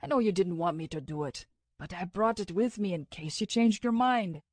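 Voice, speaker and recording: A woman's voice: fairly low pitch, lively intonation, normal speed, a little mellow, dry recording, clean studio sound. A woman voicing a dazed young man who talks in a drowsy, slurred, matter-of-fact way. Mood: groggy.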